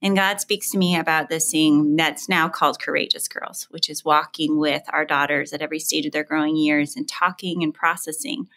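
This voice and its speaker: A woman's voice: deep voice, fairly even intonation, normal speed, hardly any pauses, sharp tone. A woman hosting an interview, asking open questions in an encouraging, conversational way. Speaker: podcast host.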